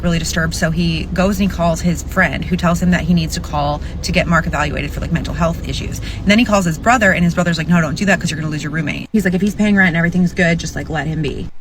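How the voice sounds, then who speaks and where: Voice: mid-range voice, a little hiss or hum, low-quality recording. A storyteller recounting a story in a chatty, casual way, full of "like". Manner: chatty, fillers of "like".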